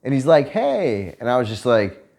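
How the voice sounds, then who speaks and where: A man vlogger telling stories in a casual chat, profane and animated, laughing as he tells them. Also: medium pitch, moderate pace, creaky.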